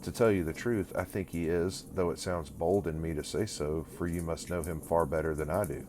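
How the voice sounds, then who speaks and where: An earnest young village woman who answers with steady, quiet reproach, read by a man. The voice sits very low, and it is told as a storybook reading. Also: moderate pace, a little hiss or hum, natural voice.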